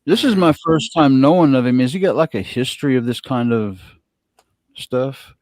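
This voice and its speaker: A man chatting casually as a co-host, laid-back and a little halting. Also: medium pitch, a little mellow, no room sound. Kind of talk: casual chat.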